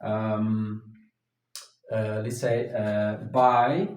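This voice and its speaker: A man teaching an English grammar lesson at a whiteboard, talking slowly and haltingly, with many fillers and restarts. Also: on the low side, flat delivery, darkish tone, far from the mic, slight background noise. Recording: echoey room, voice from off the mic.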